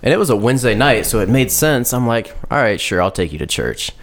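A man's voice: mid-range voice, big pitch swings, fast talker, creaky. A man hosting a podcast, telling a long story in a laid-back, profane way, full of "like" and quoted dialogue. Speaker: podcast host. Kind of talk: casual storytelling chat.

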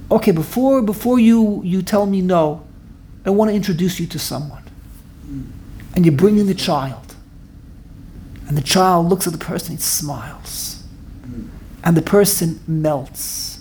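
Lively woman teaching a Torah class. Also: mid-range voice. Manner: acts out dialogue in quick back-and-forth voices, with repeated phrases and laughs. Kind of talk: animated Torah class on the weekly portion.

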